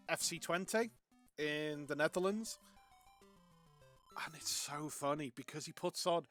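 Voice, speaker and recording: A man's voice: fairly high pitch, fairly bright tone. A young Welshman chatting casually while streaming a game, rambling with many restarts and laughs. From Wales.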